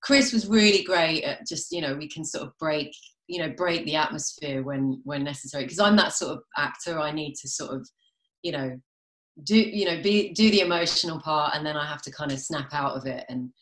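A British woman in her thirties with a low voice, chatting easily and laughing often. She is heard over a video call from an echoey room. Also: a little fast, fairly bright tone. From England. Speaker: guest actress. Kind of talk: casual chat. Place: home during quarantine, video call.

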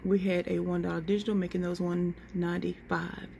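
Lady vlogger, bit of vocal fry, chatty, goes item by item, faint hum behind. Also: fairly low pitch, level tone, fairly quick, mellow. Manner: chatty, lists prices item by item, says y'all. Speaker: couponing vlogger. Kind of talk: casual deal walkthrough to camera.

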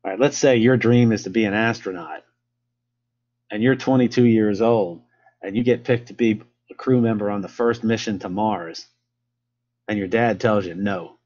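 A man's voice: on the low side, steady tone, normal speed, darkish tone, muffled recording. An American man presenting a casual history lesson, rambling with many filler sounds and restarts.

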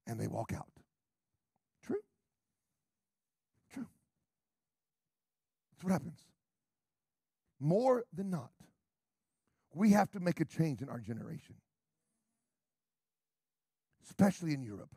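A middle-aged American man, a pastor, preaching a brash, sarcastic sermon that swings from quiet asides to shouts. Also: on the high side, very animated, slow, gravelly, pauses often, husky, dry recording, studio quality. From United States.

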